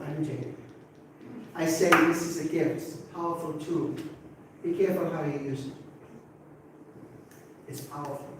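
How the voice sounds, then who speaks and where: A man's voice: a little high, darkish tone, a little hiss or hum. Older man teaching in a very echoey hall. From Africa. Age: 60s. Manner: conversational, asks rhetorical questions and checks in with "okay?". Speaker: English teacher. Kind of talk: classroom talk to students. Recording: very echoey room from far off, faint ambience.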